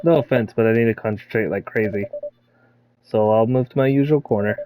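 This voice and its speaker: A man voicing a young woman writer in a game, speaking rapidly and breezily in nearly his own voice. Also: fairly low pitch, noisy background, close to an everyday voice. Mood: breezy. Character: young woman writer, chatty and eager to focus.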